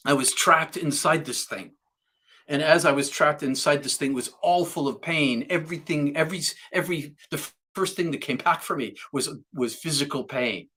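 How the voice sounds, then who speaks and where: A man's voice: fairly high pitch, pushed and bright. Man telling a vivid personal story. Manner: vivid, repetitive retelling with restarts. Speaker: guest sharing a near-death experience.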